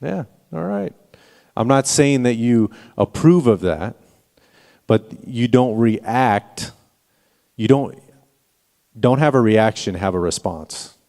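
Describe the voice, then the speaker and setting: A man's voice: medium pitch, expressive, measured pace, vocal fry, dark tone. A middle-aged man preaching a sermon as pastor, telling personal stories earnestly and often restarting his sentences. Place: church sanctuary. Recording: long reverb of a church hall.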